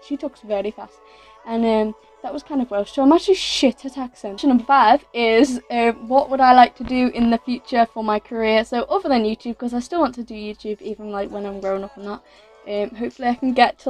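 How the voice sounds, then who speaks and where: A woman's voice: on the high side, darkish tone. A teenage girl from England, chatting through a casual Q&A vlog in a rambling way, with lots of fillers and self-corrections. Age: teens. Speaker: YouTuber.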